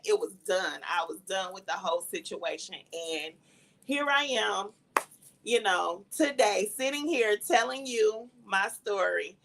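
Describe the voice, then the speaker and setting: An earnest woman tells her own story in a slow, reflective way, and her voice has a gravelly edge. Her pitch sits in the middle of the range. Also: fairly bright tone, poor audio. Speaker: guest, cancer survivor sharing testimony. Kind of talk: personal testimony in casual talk.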